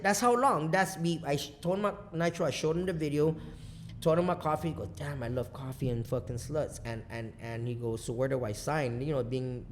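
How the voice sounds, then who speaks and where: A man from Guam, a business owner guesting on a podcast, telling stories in casual chat, swearing a lot and talking in an animated way. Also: a little high. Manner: profane, animated storyteller.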